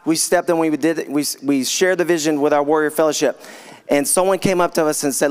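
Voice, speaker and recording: A man with a notably high-pitched voice preaches to a congregation. He is fired up, telling stories and calling out to the crowd with growing excitement. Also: brisk, smooth. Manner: fired up, exclaiming and storytelling. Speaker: guest preacher. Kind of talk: sermon to a live congregation.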